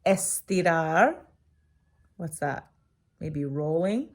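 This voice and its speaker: A woman teacher reads a picture book aloud to young children at a gentle, unhurried pace. Her pitch swings up and down as she prompts the kids with encouraging questions. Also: big pitch swings.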